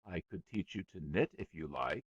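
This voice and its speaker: A man voicing a harassed mother who gives brisk, dismissive replies in an audiobook. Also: low voice, animated, breathy edge, no echo, highs cut off. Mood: weary. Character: harassed mother, calm but impatient.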